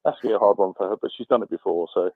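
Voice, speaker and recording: A man's voice: lowish voice, rapid-fire, breathy edge, no room sound. A British man from England calling in to a podcast, chatting at length and rambling with many ums. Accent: British English. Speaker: caller. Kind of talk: casual phone call. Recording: tinny phone line.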